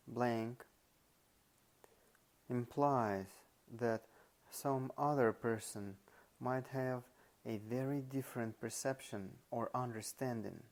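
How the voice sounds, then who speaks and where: A man narrates a nonfiction audiobook at an unhurried, measured pace. His voice carries a gravelly, creaky edge, and he lands firmly on the words he wants to stress. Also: mid-range voice, a little mellow. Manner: slow, deliberate reading with stressed example words. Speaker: audiobook reader.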